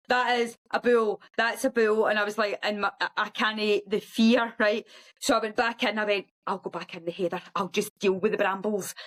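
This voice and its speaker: Chatty woman telling a lively story. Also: poor audio. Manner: lively, acts out quoted voices in a high sing-song. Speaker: guest ultra runner. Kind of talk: animated storytelling in conversation.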